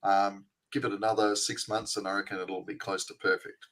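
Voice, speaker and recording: A man with a non-American English accent in a casual panel chat, relaxed and easygoing. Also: fairly low pitch, fairly quick, rough recording.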